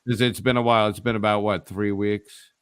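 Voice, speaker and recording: A brash, profane man rants and teases his friends on a casual live stream. His voice is smooth and resonant. It sounds close and dry, with no room around it. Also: lowish voice, little pitch movement, fairly quick, no room sound. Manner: brash, profane, ranting and teasing. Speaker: guest co-host of a live online show.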